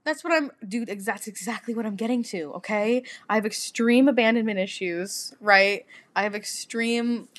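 A young woman co-hosting a casual podcast with friends. Her voice sits a little high, and she talks loudly, swears freely and laughs often. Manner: loud, swearing, quick bursts of laughter. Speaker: podcast co-host. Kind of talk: casual chat.

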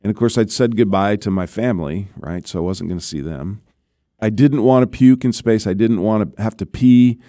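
This former astronaut speaks at a moderate pace in a fairly low, mellow voice, recounting stories during an interview. He keeps it conversational and keeps checking in with "right?". The audio is clean studio sound, free of room sound.

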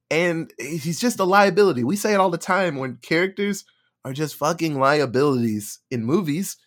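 A man hosting a podcast in casual chat, lively and swearing, acting out characters. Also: a little high, moderate pace. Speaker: podcast host.

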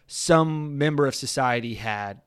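A man hosting a podcast, talking in a rambling, animated casual chat and laughing often. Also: mid-range voice, unhurried, clean tone, no echo, studio quality. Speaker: podcast host.

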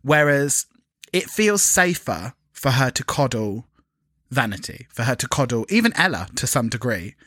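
Man, podcast co-host, casual chat, lively pitch, bright tone, dry sound. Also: normal speed, dry recording. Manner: animated, giggly, swears freely.

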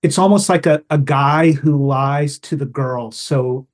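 Higher-voiced man telling anecdotes. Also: measured pace. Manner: thoughtful, explains with examples and anecdotes. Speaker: guest storyteller. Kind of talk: casual podcast conversation.

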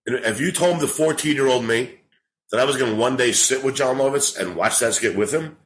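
A man's voice: mid-range voice, fairly quick, rough recording. A man in his forties, a comedian, telling rambling, profane stories in a casual podcast chat. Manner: rambling, profane, animated storytelling. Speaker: comedian guest.

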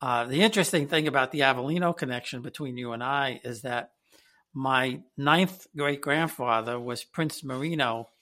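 A man's voice: mid-range voice, moderate pace, pushed and bright. A man hosting a casual interview, talking conversationally with frequent fillers. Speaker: podcast host.

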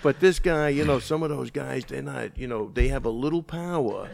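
A man's voice: medium pitch, moderate pace, gravelly, over a noisy crowd. A man on a podcast telling a story with swearing, getting worked up as he retells it. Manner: animated storyteller, swears, gets heated retelling. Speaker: MMA coach and podcast regular. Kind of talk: casual chat, storytelling.

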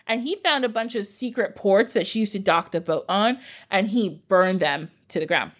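Animated, laughing woman podcast host. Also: mid-range voice, normal speed. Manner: animated, laughing, swears casually. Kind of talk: casual storytelling.

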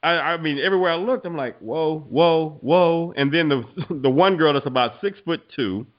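A man's voice: on the high side, a little fast, muffled recording. A man co-hosting a podcast, telling stories in casual chat and breaking into laughter often. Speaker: podcast co-host.

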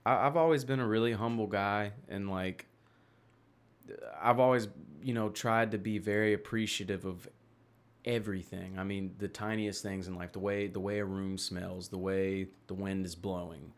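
A man's voice: lowish voice, fairly even intonation, normal speed. A young man from Tennessee, a podcast guest chatting casually, rambling and swearing freely with lots of laughs. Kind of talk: casual chat.

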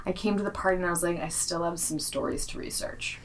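A woman's voice: lowish voice, fairly even intonation, quick pace, recorded from a distance, a little hiss or hum. A woman in her thirties co-hosting a podcast in casual chat, telling stories and acting out quotes. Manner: chatty storyteller, acts out quotes. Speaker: podcast co-host.

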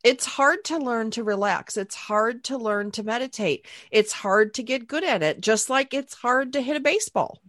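A woman in her forties chatting casually on a podcast, telling stories with lively, animated asides. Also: a little high, normal speed, few pauses, no echo, clean studio sound. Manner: chatty, storytelling, animated anecdotes.

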